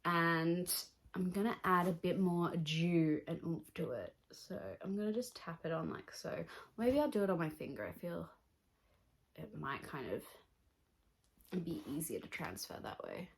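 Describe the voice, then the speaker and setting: A woman's voice: fairly low pitch, animated, measured pace, a little hiss or hum. A woman beauty vlogger doing a chatty get-ready-with-me makeup talk, blunt and opinionated.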